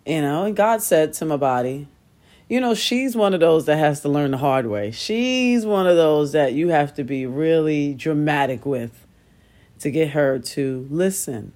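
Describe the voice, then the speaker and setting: A middle-aged woman with a deep, expressive, darkish voice hosts a solo podcast, telling stories at an unhurried pace. She's casual and self-deprecating, laughing at herself and acting out the voices she quotes.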